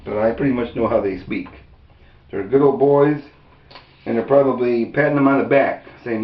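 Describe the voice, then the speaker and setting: A man's voice: medium pitch, moderate pace, recorded from a distance. An indignant man delivers an unscripted, rambling rant with plenty of restarts, and his voice climbs when he quotes others. He sits back from the mic in a roomy space. The sound is dull and lo-fi. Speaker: video commentator. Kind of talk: angry unscripted commentary.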